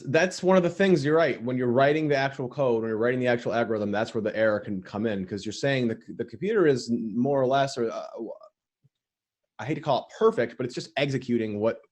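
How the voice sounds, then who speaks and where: This podcast host has a medium-pitched, somewhat dark voice. He chats casually and tells stories, restarting sentences, using fillers, and imitating the people he describes.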